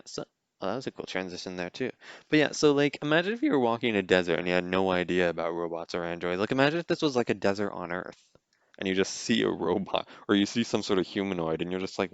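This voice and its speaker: A man's voice: sits low, clean tone, no room sound, dull audio. A man hosting a podcast, giving a casual, rambling reaction commentary on a movie, with lots of "like" and "you know.". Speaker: podcast host.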